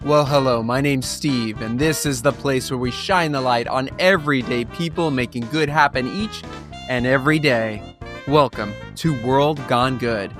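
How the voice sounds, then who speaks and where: A man's voice: medium pitch, normal speed, music in the background. A man hosting a podcast, speaking in a playful, jokey way with a musical bed underneath. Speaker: podcast host. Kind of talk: upbeat podcast intro. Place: London.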